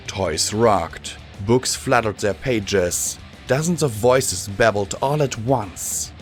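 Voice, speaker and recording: A man reading a fan-fiction audiobook in a measured, steady first-person narration. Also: lowish voice. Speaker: audiobook reader.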